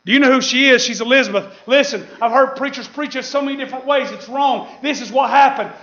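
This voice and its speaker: A man preaching a fiery sermon, with shouted peaks and laughter. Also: very high-pitched, quick pace, highs cut off.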